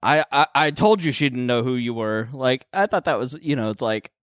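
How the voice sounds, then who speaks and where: A man's voice: mid-range voice, animated, fairly quick, smooth, dry recording, studio quality. A man co-hosting a comedy podcast, giggly and rambling in casual chat. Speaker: podcast co-host.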